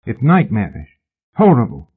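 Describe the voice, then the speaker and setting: A man voicing an agitated gentleman scholar who speaks urgently and anxiously, in a storybook reading. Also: lowish voice, huge pitch swings, moderate pace, slightly rough, exaggerated voice. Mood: alarmed. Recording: tinny phone-like audio.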